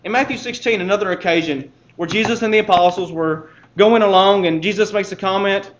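A man's voice: high-pitched, brisk, echoey room, highs cut off, a little hiss or hum. A man preaching a sermon as pastor, talking to the congregation conversationally and building to emphatic points.

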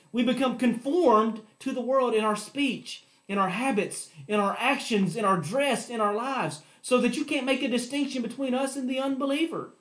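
Man, pastor, sermon, high voice, swinging between emphatic and hushed. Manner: preaching with emphatic rises and hushed drops.

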